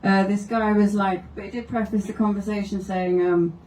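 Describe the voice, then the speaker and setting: A woman's voice: mid-range voice, steady tone, moderate pace, darkish tone, far from the mic, slight background noise. Wry woman comic on a roomy stage. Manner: wry, laughing through her anecdotes. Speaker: stand-up comedian. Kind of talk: stand-up storytelling. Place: live comedy venue.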